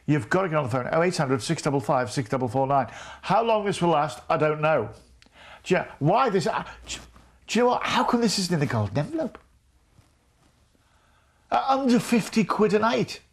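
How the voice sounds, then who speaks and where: A man presenting a live TV sales pitch, gushing and repeating prices and phone numbers. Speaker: TV shopping presenter.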